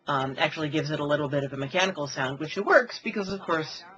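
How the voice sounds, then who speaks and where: A woman's voice: deep voice, animated, fast talker, fairly bright tone, dull audio. A woman voice actress chatting casually about her characters, rambling with lots of fillers. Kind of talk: casual behind-the-scenes chat.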